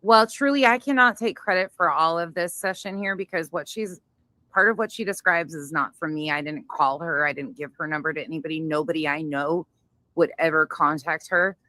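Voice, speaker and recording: A woman's voice: deep voice, fairly quick, pushed and bright, no echo. A woman hosting a livestream, commenting bluntly on a clip to her chat. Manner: blunt, talks over clips to chat. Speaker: livestream host.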